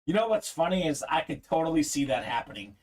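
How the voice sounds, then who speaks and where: A man's voice: a little high, sing-song, quick pace, a little mellow. Chatty young man hosting a live break. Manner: chatty, reads viewer comments aloud, laughs easily. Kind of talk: casual live-stream chat.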